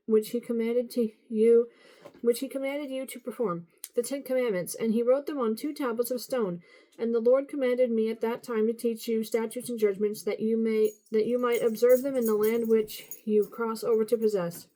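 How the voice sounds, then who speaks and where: A woman reading the Bible aloud at a steady pace, now and then stumbling and correcting herself. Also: a little high, low-quality recording. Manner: steady reading with occasional slips and self-corrections. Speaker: Bible reader.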